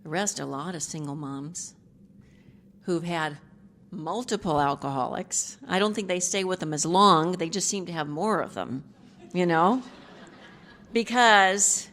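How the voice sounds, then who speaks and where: A woman's voice: fairly low pitch, a little slow, fairly bright tone. A middle-aged woman giving a personal testimony as a speaker at a recovery group meeting, candid and rambling with frequent asides and self-deprecating humor.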